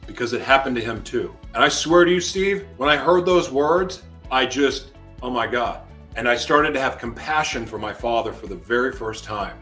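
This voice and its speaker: A man as an interview guest, telling a personal testimony in an animated way and acting out his own shouted words. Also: mid-range voice, normal speed, faint music behind.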